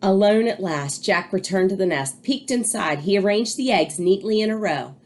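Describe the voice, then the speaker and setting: A woman's voice: medium pitch, animated, moderate pace. A woman, a teacher, reading a picture book aloud to children and adding chatty asides.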